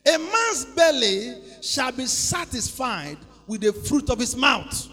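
Male pastor, high animated gravelly delivery, call-and-response sermon in an echoey church hall. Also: takes it slowly, faint music behind. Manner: preaching with sudden shouts and sing-song rises, leading call-and-response.

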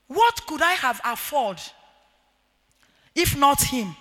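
A middle-aged woman with a Nigerian accent, preaching an emphatic sermon to women with shouted, sing-song rises. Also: high-pitched, very animated, slow pace. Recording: reverberant hall.

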